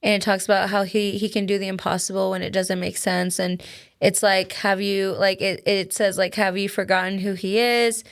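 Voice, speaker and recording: A woman's voice: medium pitch, level tone, moderate pace. A woman co-hosting a casual chat, telling an emotional story with many "like"s and restarts. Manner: emotional, filler-heavy with many "like"s. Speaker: podcast co-host.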